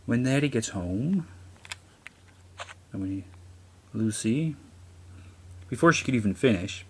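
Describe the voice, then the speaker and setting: A gaming channel host gives casual, rambling let's-play commentary, often apologizing and restarting sentences, recorded on a camera mic filming a handheld console screen with game music behind him. His mid-range voice is animated and slow, pausing often, with a breathy edge.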